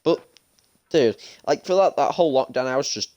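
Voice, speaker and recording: A man's voice: mid-range voice, expressive, moderate pace, darkish tone, muffled recording. A young British man in his late teens, chatting and ranting casually while streaming a game, often restarting his sentences. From United Kingdom. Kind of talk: casual gaming stream chat. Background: faint game gunfire.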